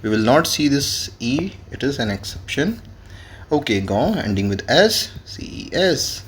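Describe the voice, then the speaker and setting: A man's voice: mid-range voice, very animated, moderate pace. A man, teaching French grammar in a classroom lesson and spelling words out letter by letter. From India.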